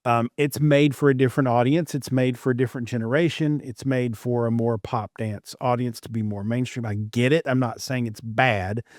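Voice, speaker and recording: A man's voice: mid-range voice, steady tone, darkish tone, dry recording. Opinionated man talking casually, dry mic. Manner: measured, opinionated, with frequent restarts. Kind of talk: casual chat.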